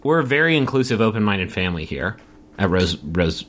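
Animated joking male podcast co-host. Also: a little fast. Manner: animated, joking, swings into high mock voices. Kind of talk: casual chat.

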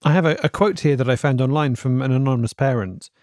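A fast-talking man with a mid-range, slightly mellow voice performs the role of a polite, hesitant interviewer and presenter in a scripted comedy podcast, an earnest radio-style character asking careful questions. The studio sound is clean with no room sound, and his voice is close to an everyday one.

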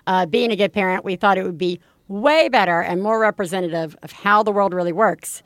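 A woman co-hosting a comedic parenting podcast, chatty and quick with laughs and interjections. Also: mid-range voice, no echo. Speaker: podcast co-host.

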